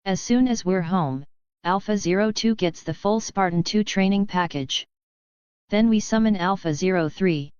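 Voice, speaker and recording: A woman's voice: medium pitch, moderate pace, darkish tone, clean tone, no room sound, muffled recording, natural voice. A woman reading an audiobook, voicing a confident, joking young man who commands soldiers. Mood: quiet. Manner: dry, joking, breezy.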